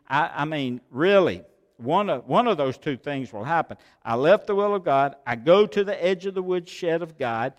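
Male pastor preaching, goes loud then real quiet, lots of questions, big echoey church hall. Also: high-pitched, smooth. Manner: swings between loud exhortation and hushed asides, many rhetorical questions. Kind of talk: sermon. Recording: long hall reverb of a large sanctuary.

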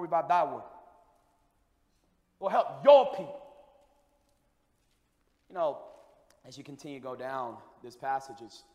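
A man preaching a revival sermon, dropping to a hush and then rising to shouts. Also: on the high side. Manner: swings from hushed to shouting. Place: church sanctuary. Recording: echoey hall with long reverb.

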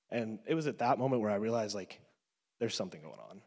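A man's voice: fairly low pitch, expressive, quick pace, a little mellow, in a large hall. Earnest young man sharing a testimony. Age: 20s. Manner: earnest, emotional, loose with fillers like "you know". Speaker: student giving a faith testimony. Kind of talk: personal testimony talk.

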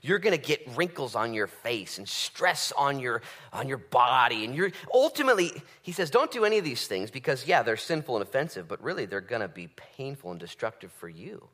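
A man preaching a conversational sermon, swinging from loud bursts to hushed asides. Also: mid-range voice, very animated, fairly quick, few pauses. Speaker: pastor.

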